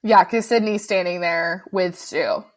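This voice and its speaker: A woman's voice: lowish voice, measured pace. Woman, podcast co-host, casual chat, enthusiastic storyteller. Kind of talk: casual chat recapping a film.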